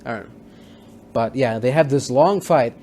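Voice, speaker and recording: A man's voice: medium pitch, normal speed, darkish tone, slight background noise. A man casually recapping a TV episode as a reviewer, rambling with many fillers and restarts. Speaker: TV show reviewer.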